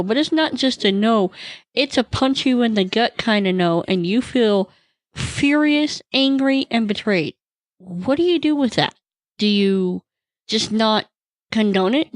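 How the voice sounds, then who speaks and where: A woman hosting a solo podcast, talking through a devotional topic in an animated storytelling way and acting out the people she quotes. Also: medium pitch, measured pace, dry recording. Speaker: podcast host.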